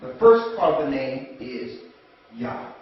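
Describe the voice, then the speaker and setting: A man's voice: mid-range voice, big pitch swings, slow, far from the mic. A man teaching a scripture class, prompting others to read aloud and repeating their words back to them. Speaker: Bible study teacher. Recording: echoey room from afar, dull lo-fi.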